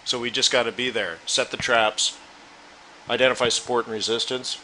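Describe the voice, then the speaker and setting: A man's voice: medium pitch, steady tone, normal speed, pushed and bright, a little hiss or hum, poor audio. A man hosting a live trading webinar, chatting loosely and talking straight to his viewers. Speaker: forex trading room host.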